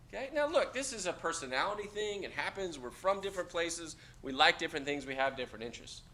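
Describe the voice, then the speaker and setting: A man lecturing a class of cadets, blunt and joking, with loud outbursts. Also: on the high side, animated, fast talker, few pauses. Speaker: instructor.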